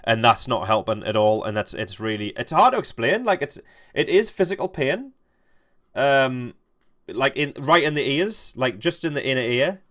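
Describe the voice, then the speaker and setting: A young man streaming a game, telling a rambling, halting story and swearing freely. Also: medium pitch, sing-song, a bit bright. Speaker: gaming streamer. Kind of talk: casual storytelling while playing.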